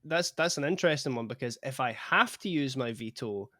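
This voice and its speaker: A man's voice: medium pitch, animated, a little fast, bright, forceful tone, no room sound, clean studio sound. A man guesting on a podcast in casual chat, easygoing and self-deprecating.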